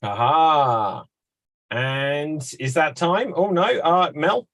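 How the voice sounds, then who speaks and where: Brisk, teasing man hosting on a video call. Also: fairly high pitch, animated, a bit bright. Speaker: host. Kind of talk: hosting an online improv game.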